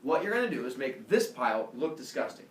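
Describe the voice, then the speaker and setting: Man doing a scheming sarcastic god for a classroom myth, lively delivery. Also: mid-range voice, fast talker, a little hiss or hum, lightly acted. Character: sly, exasperated male trickster god. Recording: echoey room from far off.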